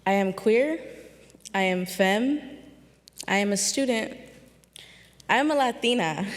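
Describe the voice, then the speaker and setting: A young woman in her early twenties from California speaks slowly and haltingly, pausing often as she holds back tears. Her voice carries the long reverb of a large hall. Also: medium pitch. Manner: slow, halting, with many pauses and ums. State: emotional, close to tears. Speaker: storyteller speaking on stage. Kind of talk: emotional personal story told on stage.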